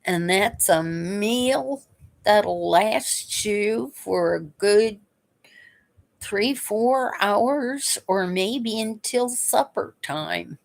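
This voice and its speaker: A woman telling stories from her past in a casual, unhurried way, chuckling now and then between memories. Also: medium pitch, expressive, vocal fry. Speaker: vlogger. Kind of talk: casual storytelling.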